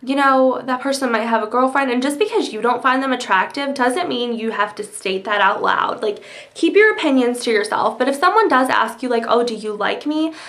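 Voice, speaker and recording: A woman's voice: sits high, a little fast, a bit bright. A young woman in her twenties answering tag questions in a casual, chatty way, with many ums and likes, and the hiccups. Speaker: vlogger.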